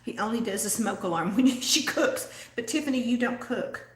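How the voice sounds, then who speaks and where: A woman's voice: fairly high pitch, lively intonation, normal speed. An older woman hosting a casual live chat with viewers, giggly and chatty as she reads out their comments. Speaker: host of a lifestyle channel for mature women. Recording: echoey room.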